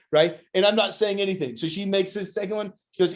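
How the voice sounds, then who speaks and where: Brief: forties, slightly high, upbeat shop owner coaching a crowd, role-plays customers. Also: male voice, normal speed. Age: 40s. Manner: energetic, acts out customer conversations. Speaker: nutrition bar owner giving a training talk. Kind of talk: motivational business talk.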